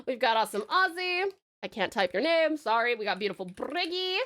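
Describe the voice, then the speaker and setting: A woman's voice: on the high side, big pitch swings, a little fast, a bit bright. A woman with an Australian accent, streaming live, chatting casually and giggling, calling her viewers pet names. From Tasmania, Australia. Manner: bubbly, giggly, showers chat with pet names.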